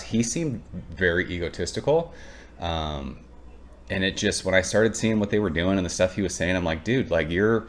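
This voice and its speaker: A man's voice: low voice, slight background noise. A man chatting casually as he reviews a beer, rambling, blunt and profane, with lots of ums and uhs. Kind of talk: casual chat.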